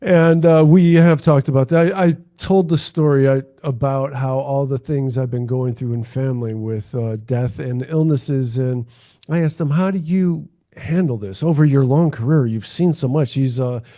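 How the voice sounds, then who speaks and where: A man with a mid-range, mellow voice talks in a measured, reflective way. He often murmurs agreement while the other host speaks. The conversation is casual. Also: mid-range voice. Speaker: podcast co-host.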